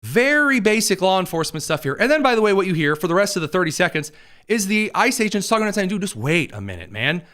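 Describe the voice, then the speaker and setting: Sarcastic, animated male commentary host. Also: high-pitched, quick pace, smooth. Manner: sarcastic and mocking, lively delivery. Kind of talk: live political commentary show.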